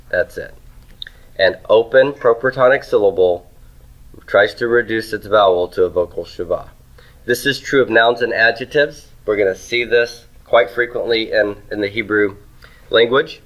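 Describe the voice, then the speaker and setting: A man's voice: on the low side, a bit bright, low-quality recording. A man teaching Hebrew grammar in a classroom lecture, asking questions and answering them himself.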